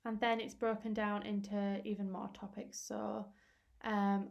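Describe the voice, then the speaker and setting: A young woman teacher talking through a screen-recorded tutorial in a chatty, explanatory way with fillers, her voice going hoarse. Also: medium pitch, completely flat delivery, a little slow, highs cut off. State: losing her voice.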